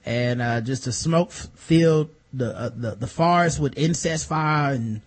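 A man's voice: medium pitch, unhurried. A man, casually recapping a TV episode and acting out characters in funny voices. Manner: animated, acts out characters with exaggerated voices and laughs. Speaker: podcast co-host.

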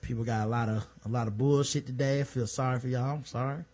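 A man co-hosting a podcast in casual chat, animated and full of fillers. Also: mid-range voice, quick pace. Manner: animated, lots of fillers and put-on voices in stories. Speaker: podcast co-host.

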